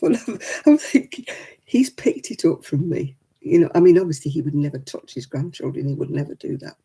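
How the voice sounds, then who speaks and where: A woman's voice: lowish voice, moderate pace, dark tone, slightly rough. An older woman, hosting a casual live chat and telling stories with frequent laughter. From England. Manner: chatty storytelling, laughs often. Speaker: livestream host.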